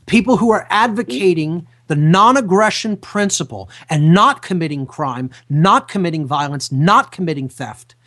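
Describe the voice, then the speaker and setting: Fired-up guy hosting a radio show, pitch a bit up, slows way down to hammer points home. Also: lively intonation, pushed and bright. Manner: emphatic, repeats key phrases slowly. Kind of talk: impassioned radio talk.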